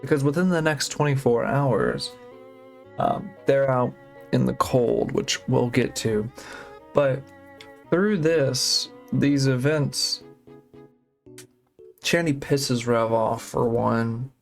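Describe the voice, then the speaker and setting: A man narrating commentary in a halting, rambling way with many fillers and restarts. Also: medium pitch, animated, gravelly, faint music behind.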